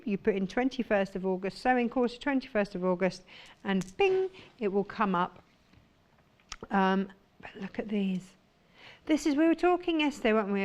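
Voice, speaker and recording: A woman's voice: mid-range voice, clean tone. A woman presenting sewing products on a live shopping channel, talking with gushing enthusiasm. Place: TV studio.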